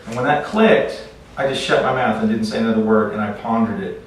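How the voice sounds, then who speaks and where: A man teaching a class in a relaxed, conversational way, telling stories and often restarting his sentences. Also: on the low side, brisk. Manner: conversational, repeats words when restarting. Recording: echoey room, far from mic, faint noise.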